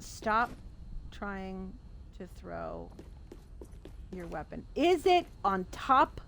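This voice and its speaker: A woman hosting a casual let's-play, chatting to viewers and talking back at the game, shifting between exasperated outbursts and soft self-soothing. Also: mid-range voice, very animated, drawn-out words, pauses often, slight background noise. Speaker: gaming video host. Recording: game music playing clearly behind the voice. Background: game music.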